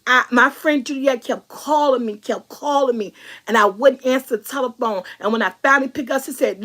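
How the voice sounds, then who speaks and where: A woman's voice: a little high, moderate pace, pushed and bright. A middle-aged woman vlogger, giving an emphatic, preachy motivational talk and repeating her key lines.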